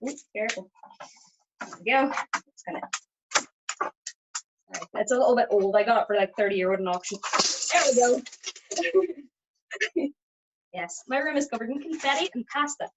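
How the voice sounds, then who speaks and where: A woman's voice: fairly high pitch, expressive, normal speed, long pauses, noisy background. A woman chatting and giggling as she performs magic over a video call. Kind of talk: casual live magic act on a video call.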